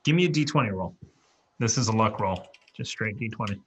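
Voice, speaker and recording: A man running a tabletop game as dungeon master, relaxed and halting, full of fillers. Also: on the low side, slight background noise.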